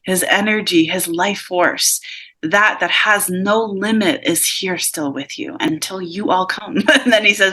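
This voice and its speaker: A woman giving a live mediumship reading over a video call, relaying messages calmly and softly, often laughing between them. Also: medium pitch. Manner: relays messages in a calm, soft, slow delivery, with frequent laughs.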